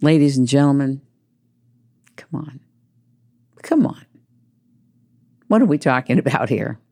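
An older woman hosting her own show, delivering an emphatic, rambling monologue and dropping her voice low for asides. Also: normal speed, warm tone. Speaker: host. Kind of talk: opinionated monologue.

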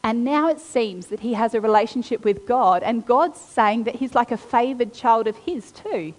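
A woman preaching a sermon, reading scripture aloud and then retelling it with animated, acted-out quotes. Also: a little high, normal speed. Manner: animated storytelling, acting out quotes. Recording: long hall reverb.

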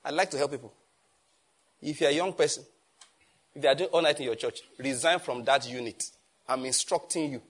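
A man preaching a sermon as pastor, animated and emphatic, often firing rhetorical questions. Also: medium pitch, fairly quick, pauses often.

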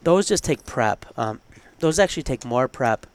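An animated male podcast co-host, also a college theology professor, speaks at a moderate pace in a mid-range voice. In this casual chat he's earnest and conversational, musing aloud with frequent asides.

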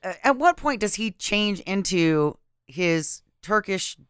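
A woman's voice: medium pitch, lively intonation, slow pace, a bit bright, clear, resonant tone, no room sound, clean studio sound. A woman on a casual film podcast who stumbles a little as she poses her questions. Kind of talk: casual movie-review chat.

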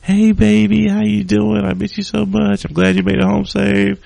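A man's voice: completely flat delivery, moderate pace, vocal fry, darkish tone, no room sound. A man mimicking a sugary-sweet young woman. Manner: high sugary put-on voice, giggling. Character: sweet-talking young woman, falsely innocent.

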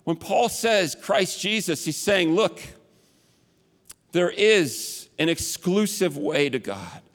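High-voiced man preaching in reverberant hall. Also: lively intonation, slow. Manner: chatty, with self-mocking asides. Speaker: pastor. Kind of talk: conversational sermon.

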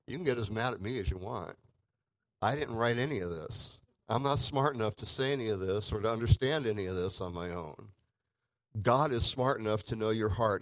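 A man preaching a sermon in a conversational way, with emphatic swings between loud and soft. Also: lowish voice, normal speed, no echo, low-quality recording.

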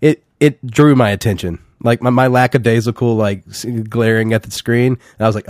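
A man's voice: medium pitch, fairly even intonation, a little fast, hardly any pauses, a little mellow, no echo. A young man co-hosting a casual movie-review chat, laughing often and swearing casually as he acts out lines. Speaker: podcast co-host.

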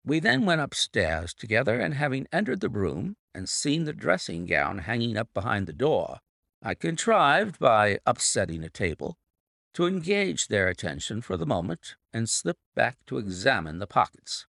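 A man reading an audiobook, voicing a brilliant male detective explaining a case in a measured, deliberate way. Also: mid-range voice, sing-song, creaky, a bit bright, no echo, studio quality.

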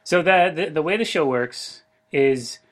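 A man's voice: on the high side, expressive, unhurried. A man co-hosting an improvised comedy podcast, riffing playfully with his partners. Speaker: podcast co-host.

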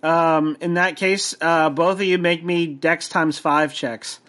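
Slow, hesitant male game master. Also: fairly high pitch, steady tone, fairly bright tone. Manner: hesitant, full of fillers. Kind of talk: narrating a tabletop game.

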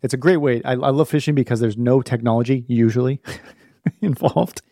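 A man's voice: medium pitch, fairly even intonation, quick pace, mellow, no echo, studio quality. A man in his thirties hosting a parenting podcast, telling a personal story candidly and laughing at himself. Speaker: podcast host. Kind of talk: storytelling talk.

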